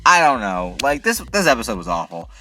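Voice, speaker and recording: A man's voice: medium pitch, sing-song, a little fast, pushed and bright. A man hosting his own video review channel, complaining in an exasperated, incredulous way with many rhetorical questions. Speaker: TV episode reviewer, channel host. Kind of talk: casual ranting review.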